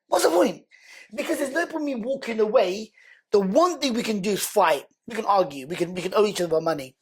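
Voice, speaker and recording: Husky man telling his story. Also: sits high, brisk. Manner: animated, slangy, repeats words for emphasis. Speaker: podcast guest. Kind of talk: emotional personal storytelling.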